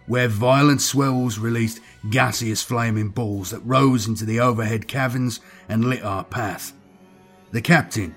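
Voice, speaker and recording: A man's voice: mid-range voice, lightly acted. A man narrating in the first person as a weathered male outcast sailor, solemn and haunted as he recalls his tale.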